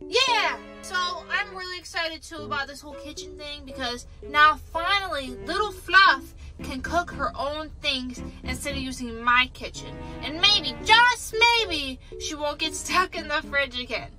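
Over music, a woman with a high-pitched, animated voice vlogs playfully at a moderate pace with her toy llamas. She's bubbly and sing-song, talking to the toys in baby talk for a kids' toy vlog.

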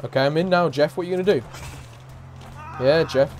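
A man commentating a game, loud and mocking, swearing and taunting characters. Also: fairly high pitch, brisk. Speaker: gaming YouTuber. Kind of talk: let's play commentary. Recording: game music faint behind.

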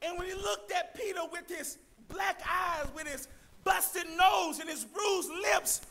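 A man preaching a sermon, loudly addressing the congregation as church, with a gravelly edge. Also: extremely high pitch, unhurried. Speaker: pastor.

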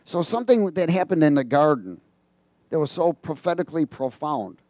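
A man's voice: fairly high pitch, sing-song, normal speed, darkish tone, no room sound. A male preacher giving a sermon, reading scripture aloud and prompting the congregation to fill in the words. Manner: reads scripture aloud and comments on it.

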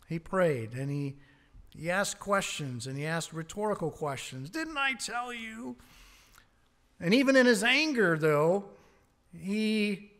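A man's voice: a little high, a bit bright. A man preaching a sermon as pastor from a church pulpit, emphatic and often chuckling between points. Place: church sanctuary.

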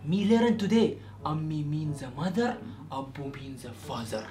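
A man's voice: a little high, very animated, normal speed, dark tone. A man playing a naive friend who brags in broken English. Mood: boastful.

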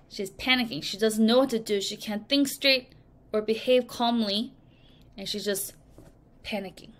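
A woman teaching English vocabulary to children in a recorded lesson, speaking slowly and clearly and acting out example sentences. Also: on the high side, a bit bright. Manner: slow, clear teacherly delivery with acted examples.

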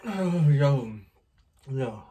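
A man's voice: mid-range voice, animated, drawn-out words, mellow, a little hiss or hum. A man vlogging casually to his viewers on a phone camera, exclaiming often and talking straight to them.

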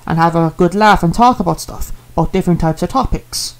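A man's voice: on the high side, brisk. A man, a streamer talking casually and earnestly, rambling and repeating himself with many fillers as he apologizes to a viewer.

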